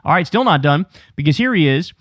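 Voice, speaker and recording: A man's voice: fairly high pitch, lively intonation, fairly quick, dry recording, clean studio sound. A man hosting a political commentary show, ranting with sarcastic, profane disbelief.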